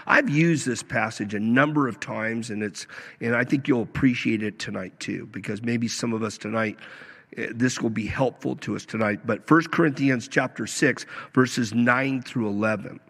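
A man's voice: mid-range voice, animated, moderate pace, gravelly, a bit bright, slightly rough. A man preaching a sermon, emphatic, acting out the quoted lines as he goes. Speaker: pastor. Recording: long reverb of a hall.

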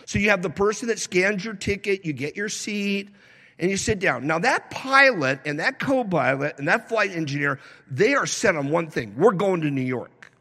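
A male pastor delivers a sermon in a fairly high, very lively voice, moving between relaxed storytelling and emphatic preaching. His voice carries a long reverb from a large church hall. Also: moderate pace. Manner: animated, conversational preaching with wide swings in pace and loudness. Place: church sanctuary.

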